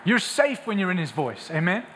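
A man's voice: high voice, very animated, normal speed, a bit bright, big-room sound, a little hiss or hum. A young man preaching a sermon as a pastor, conversational and then building to emphatic peaks.

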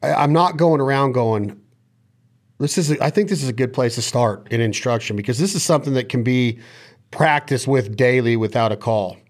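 A man's voice: medium pitch, moderate pace. A man hosting a casual chat on duck calling, speaking with enthusiasm and sometimes breaking into vocal call sounds. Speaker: podcast host.

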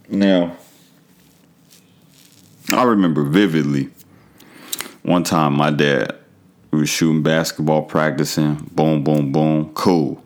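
Male podcast host with a low voice, profane and animated comic storyteller. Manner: animated, profane, swings into high exclamations. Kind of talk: comedic storytelling monologue.

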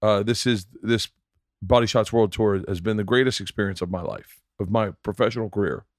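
Low-voiced man, earnest podcast host. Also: brisk, dry recording, clean studio sound. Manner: earnest, rambling, repeats himself. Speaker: podcast host and touring comedian. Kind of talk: casual podcast chat.

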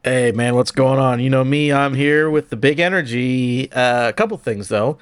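A man's voice: mid-range voice, normal speed, clean tone, no room sound. A man co-hosting a casual gaming podcast, telling stories in a laid-back way and swearing freely. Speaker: podcast co-host.

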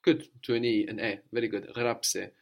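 A man teaching a language lesson, patiently prompting and repeating answers slowly. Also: lowish voice, flat delivery, gravelly.

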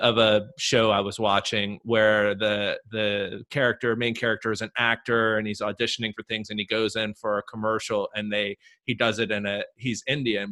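A man's voice: fairly low pitch, pushed and bright. A man hosting a podcast, asking questions in a chatty, informal way that rambles. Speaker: podcast host. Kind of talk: casual interview chat.

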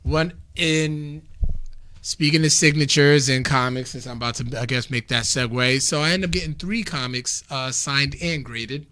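This man has a medium-pitched voice at a normal speed. A podcast guest in casual conversation, he animatedly relates convention stories, laughing often and dramatizing the things people said.

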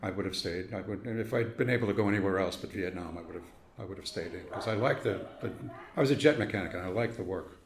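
A man's voice: low-pitched, fast, vocal fry, echoey room, slight background noise. An older man from Brooklyn recalling his youth in an oral history interview, acting out the voices of people in his stories. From Brooklyn, New York. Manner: storytelling, acts out quoted voices, chuckles.

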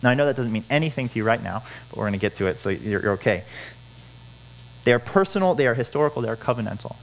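A man's voice: medium pitch, animated, quick pace, creaky, poor audio. A man preaching a sermon, earnest, repeating key phrases for emphasis. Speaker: pastor.

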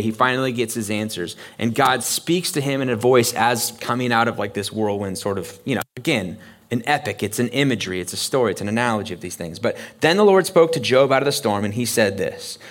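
In church, a pastor preaches his sermon in a conversational, animated style, acting out the voices of those he quotes. His voice is medium-pitched.

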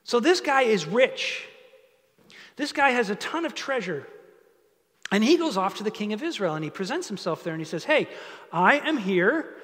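Man, pastor, sermon, high voice, long hall reverb. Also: normal speed, long pauses. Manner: conversational, animated storytelling with asides.

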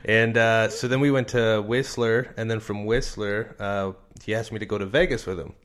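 A man from Canada, a comedian, telling a long, animated story in a casual interview, laughing often and acting out what people said. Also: fairly low pitch, moderate pace. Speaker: comedian guest.

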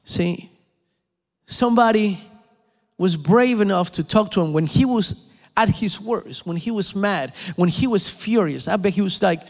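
A man preaching a sermon, emphatic and pleading, dropping at times to hushed whispers. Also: high-pitched, animated, unhurried, in a large hall.

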